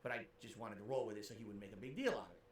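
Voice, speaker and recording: A man's voice: on the low side, very fast, reverberant, a little hiss or hum. A man livestreaming and reading out tips in a goofy, over-the-top, theatrical manner. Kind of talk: livestream chat.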